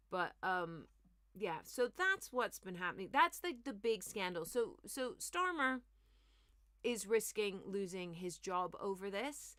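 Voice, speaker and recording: A woman comedian hosts a comic news rundown, talking with a mid-range voice. She rants with sarcastic, animated asides. The sound is dry and close, with no room echo. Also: mid-range voice, slow pace. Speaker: comedian host.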